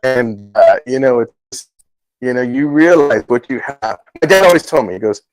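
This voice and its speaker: Give me an earnest, halting male host. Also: medium pitch, animated, soft background music, low-quality recording. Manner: earnest, halting storytelling with restarts; acts out quoted dialogue. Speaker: show host. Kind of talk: casual testimony chat.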